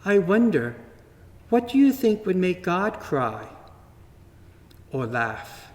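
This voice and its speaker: Guy reading a kids' story at church, kinda high voice, slow and gentle, lots of reverb. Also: sing-song. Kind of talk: reading a children's story aloud. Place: church sanctuary. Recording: long reverb from a large hall.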